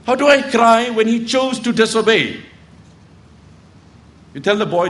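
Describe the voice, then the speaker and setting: A middle-aged male preacher with a noticeably high voice delivers a sermon. He tells stories and acts out the people in them, now and then reciting verses in Arabic. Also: lively intonation, a little slow, pauses often, a bit bright.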